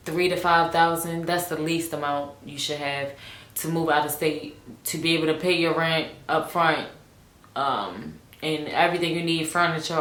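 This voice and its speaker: A woman's voice: fairly low pitch, fairly bright tone, roomy sound. A woman from Maryland telling her own story in a casual vlog, candid and chatty, with slang and some swearing. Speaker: vlogger.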